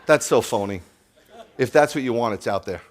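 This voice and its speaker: A man preaching a sermon as a rabbi, earnest and direct, dropping to a soft, confiding tone and then rising to loud scolding. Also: medium pitch, moderate pace, a little hiss or hum.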